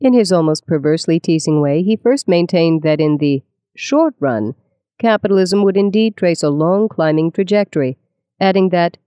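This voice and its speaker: A narrator giving a measured, scripted nonfiction audiobook reading. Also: medium pitch, animated, mellow, smooth, no echo, clean studio sound.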